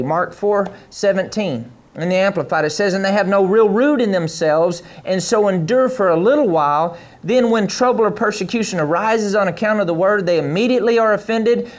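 A man preaching a sermon to a church congregation, reading scripture aloud and asking the room to follow along. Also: high voice. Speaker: pastor.

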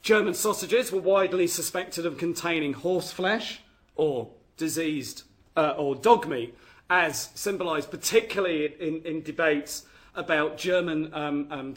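Reading an academic history lecture from his notes, this man keeps restarting his phrases. His voice is a little high and a bit bright.

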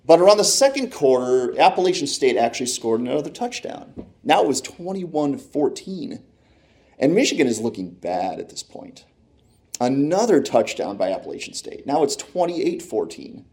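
A man recounts a story from the stands with an animated, conversational delivery. He slips into quoting his own reactions, jumping up and down in pitch and loudness as the tension builds. His voice sits at an ordinary middle pitch for a man. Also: moderate pace. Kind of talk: personal sports anecdote.

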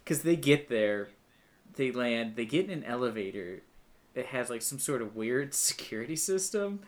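A man's voice: medium pitch, lively intonation, moderate pace. A man co-hosting a casual movie-review podcast, wry and full of fillers, laughing at his own jokes. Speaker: podcast co-host.

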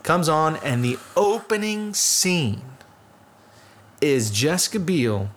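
A man in casual chat, animatedly retelling a film with crude jokes, laughing and shouting at times. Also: fairly high pitch, very animated, takes it slowly, slight background noise.

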